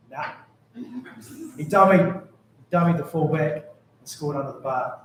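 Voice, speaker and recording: A man's voice: on the high side, a little slow, fairly bright tone, a little hiss or hum. A man with a New Zealand accent gives a memorial speech full of rambling, jokey anecdotes about a friend. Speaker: mourner giving a tribute. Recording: very echoey room.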